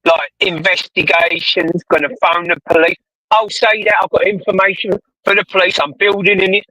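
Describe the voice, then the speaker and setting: A man's voice: high voice, little pitch movement, moderate pace, sharp tone, poor audio. A British man chatting casually, rambling and swearing a lot. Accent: British English. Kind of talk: casual chat.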